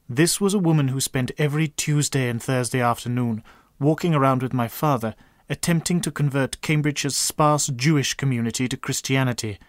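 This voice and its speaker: A man narrating a comic story with a dry, deadpan delivery. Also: mid-range voice, no echo.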